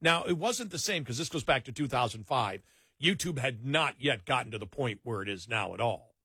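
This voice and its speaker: A man's voice: medium pitch, lively intonation, fairly quick, bright, forceful tone, husky, no echo, clean studio sound. A man who hosts a national radio talk show, telling a workplace story in casual chat, animating it by acting out the dialogue and often repeating words.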